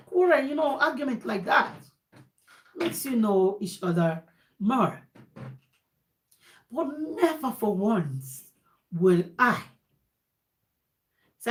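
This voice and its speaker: A woman's voice: a little high, big pitch swings, takes it slowly, pauses often, a little hiss or hum. A woman, giving casual relationship advice in an emphatic, repetitive way and slipping into pidgin. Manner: emphatic, repeats phrases, switches into pidgin. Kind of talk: casual monologue.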